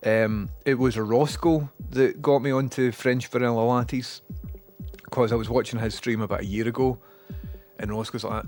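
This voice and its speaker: A man's voice: medium pitch, fairly even intonation, moderate pace, darkish tone, faint music behind. A man with a Scottish accent who streams, rambling casually and self-mockingly while reading out viewer messages.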